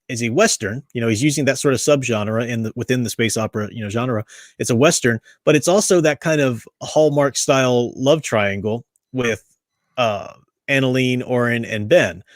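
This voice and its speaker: A man's voice: mid-range voice, dry recording, clean studio sound. Chatty man discussing a book. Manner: rambling, chatty, with frequent restarts and fillers. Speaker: book study host.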